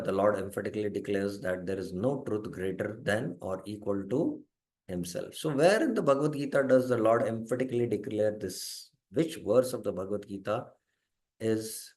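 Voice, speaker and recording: A man's voice: lowish voice, moderate pace, a little mellow. A man teaching a scripture class. He explains carefully, sometimes hesitates, and puts questions to his students. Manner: quizzes students by name.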